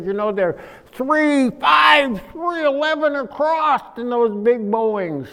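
High-voiced preacher telling funny stories. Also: male voice, smooth. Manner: animated, acts out voices, swings from quiet to loud. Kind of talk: humorous storytelling sermon. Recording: echoey hall.

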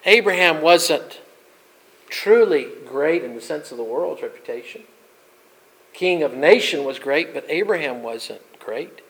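A pastor with a high voice delivers a sermon. He builds to loud, emphatic peaks, then drops to soft, quiet asides. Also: lively intonation, unhurried, rough recording.

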